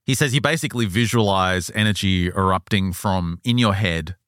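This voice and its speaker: A man with a fairly low voice, recorded close and dry on a studio mic. He talks in a relaxed, chatty way, retelling a story for a podcast and now and then putting on the voices of the people in it. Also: moderate pace, clear, resonant tone, dry recording. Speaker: podcast host. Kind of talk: casual storytelling chat.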